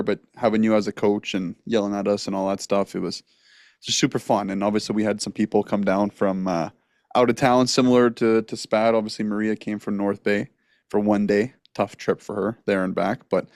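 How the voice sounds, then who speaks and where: Man, rambling co-host, low pitch, dry mic. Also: a little mellow, no room sound. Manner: laughing, rambling, swears casually. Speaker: podcast co-host. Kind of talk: casual sports podcast chat.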